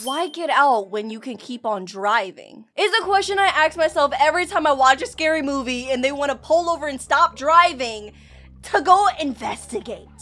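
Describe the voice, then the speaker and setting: A young woman hosting a reaction video, reacting excitably to scary clips with shrieks and laughs. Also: high-pitched, moderate pace. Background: music from the clips.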